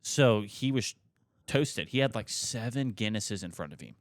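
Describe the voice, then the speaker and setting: Man, twenties, lowish voice, dry sound, casual podcast story, loose and profane. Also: measured pace, no room sound. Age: 20s. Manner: animated, swears a lot, many fillers. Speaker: podcast co-host.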